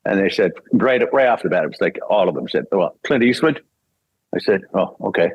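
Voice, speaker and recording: A man's voice: deep voice, animated, fairly quick, no echo, muffled recording. An older man from Canada, a voice actor and singer, telling a casual story and acting out the voices he quotes, laughing often.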